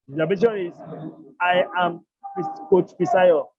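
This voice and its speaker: A man teaching an online language class, explaining step by step and repeating each phrase slowly. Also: sits high, expressive, slightly rough, dry recording, narrow, tinny audio.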